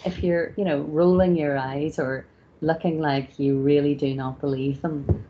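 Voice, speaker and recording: A woman leads a customer service training session, speaking informally with plenty of "you know" and "sort of." Her voice is low-pitched, creaky, and mellow. The recording is slightly dull and lo-fi, with faint background noise.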